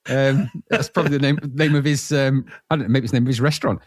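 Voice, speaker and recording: A man's voice: mid-range voice, steady tone, no echo, clean studio sound. A man co-hosting a podcast in casual, jokey chat. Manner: jokey, quick banter. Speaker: podcast co-host.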